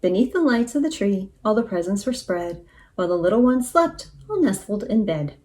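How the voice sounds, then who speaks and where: A woman teacher reading a children's storybook aloud in an expressive, animated way. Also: mid-range voice, normal speed.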